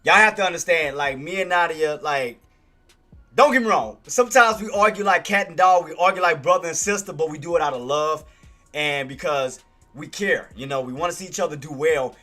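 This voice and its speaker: Male trading streamer, casual recap, bright and forceful, light music bed. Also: a little high, fairly quick. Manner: excited, repetitive shout-outs to viewers.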